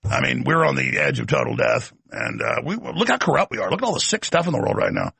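Gravelly, emphatic male talk host. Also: medium pitch, sing-song, fast talker, pushed and bright, dry recording. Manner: emphatic, ranting, sardonic asides. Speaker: political talk show host. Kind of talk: talk show monologue.

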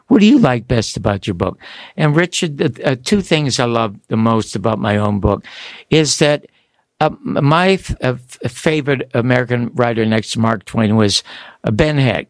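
An older man tells his stories in an animated, rambling way. His voice has a gravelly edge, and the sound is dry and close, with no room around it. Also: medium pitch, no echo. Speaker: guest author. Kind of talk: storytelling interview.

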